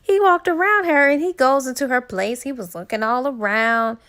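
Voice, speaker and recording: Woman with a gravelly, high-pitched voice. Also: normal speed, a bit bright. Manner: chatty, slangy storytelling with fillers and laughs. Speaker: book reviewer. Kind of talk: casual plot retelling.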